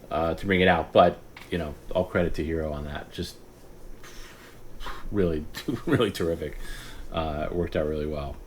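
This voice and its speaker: A man hosting a casual late-night stream, rambling, often laughing and breaking into hushed imitations of others. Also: low-pitched, a little hiss or hum. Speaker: podcast host.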